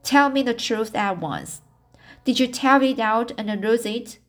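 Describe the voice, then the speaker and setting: A woman's voice: a little high, unhurried, soft background music, natural voice. Woman reading as a stern older guardian. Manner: stern, sharp.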